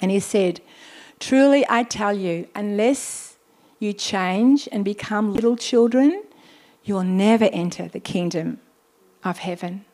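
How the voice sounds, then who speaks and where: A woman pastor preaching a sermon, reading scripture slowly and deliberately, with exclamations of praise between points. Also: medium pitch, warm tone.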